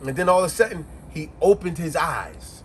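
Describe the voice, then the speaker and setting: A man's voice: a little high, a little fast, slight background noise. A man reviewing a book in casual chat, retelling the plot with animation and acting out the quotes. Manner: animated storyteller who acts out the quotes.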